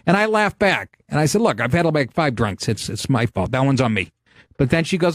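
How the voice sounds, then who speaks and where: Middle-aged guy comedian ranting on his podcast, kinda high voice, dry close mic, swears a lot. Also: fairly quick, dry recording. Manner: brash, profane storytelling, animated. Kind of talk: casual podcast chat.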